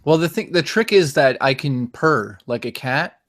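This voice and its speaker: A man's voice: on the high side, animated, normal speed, no echo, studio quality. Joking man chatting casually. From Netherlands. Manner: joking, doing voice impressions. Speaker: YouTuber guest. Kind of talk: casual chat.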